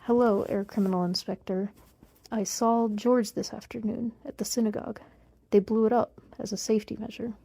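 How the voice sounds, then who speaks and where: Woman doing a chatty seventeen year old boy, eager, dark gravelly voice. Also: medium pitch, fairly even intonation, normal speed, dry recording, lightly acted. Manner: eager, talkative.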